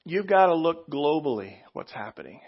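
A man preaching a sermon as pastor, emphatic and animated, with sudden loud outbursts and slow, drawn-out phrases. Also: on the high side, creaky, slightly rough, muffled recording.

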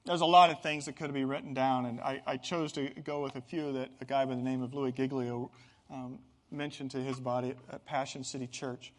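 A man's voice: medium pitch, level tone, brisk. A middle-aged man preaching a sermon as pastor, earnest and building to emphatic bursts.

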